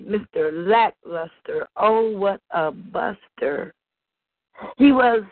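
A woman's voice: medium pitch, no room sound. A woman reading a humorous poem as a guest, with a playful, dry comic delivery. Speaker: guest reader. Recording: dry, tinny phone-line sound.

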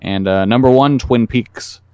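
A man's voice: medium pitch, a little slow, a little mellow, smooth, no room sound. A man co-hosting a podcast, earnestly reading out a countdown list. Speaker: podcast co-host.

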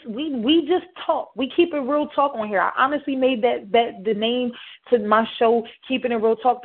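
A young adult woman hosting a talk radio show, playful and hyped, with a light, youthful voice that is not raspy. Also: a little high. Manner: playful, hyped, talks straight to listeners. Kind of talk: casual talk radio chat. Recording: tinny phone-like sound.

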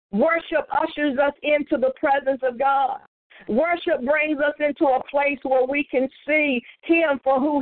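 A woman's voice: high voice, dry recording. A woman pastor leading a morning Bible study, preaching in a folksy way, citing scripture references and repeating points for emphasis. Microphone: phone conference line. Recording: phone-line broadcast, dry.

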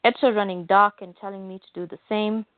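Calm, steady male soldier read by a woman, plain delivery, phone-like sound, dry. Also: medium pitch, brisk, no echo, lightly acted.

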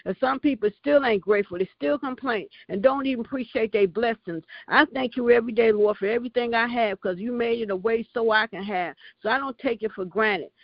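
A woman's voice: on the high side, brisk, few pauses, dry recording. Woman leading a phone prayer line, fervent and repetitive in her praise, dry and muffled call audio. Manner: fervent, repeats praise words. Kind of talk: spontaneous spoken prayer and testimony. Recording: dull lo-fi conference call.

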